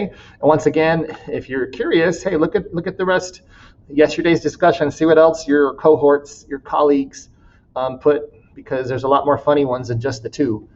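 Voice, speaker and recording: A man's voice: on the high side, a little mellow, lo-fi sound, a little hiss or hum. A man teaching a class in a recorded walkthrough, casual and laughing often as he reads student writing aloud.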